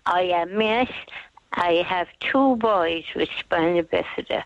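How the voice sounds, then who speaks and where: A woman's voice: lowish voice, slow. A woman in her sixties calling a radio show as a mother and carer, aggrieved and insistent. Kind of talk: phone-in radio call. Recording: dull lo-fi phone-in line.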